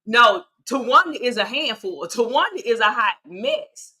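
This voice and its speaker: Woman, higher voice, bright and sharp tone, animated, opinionated, casual gossip chat. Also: a little slow. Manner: animated, opinionated, laughs often.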